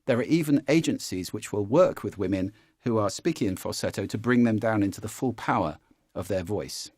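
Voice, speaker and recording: A voice coach teaches a spoken lesson at a brisk clip, animated and often shifting his voice to demonstrate pitch changes. The studio-quality recording has no echo.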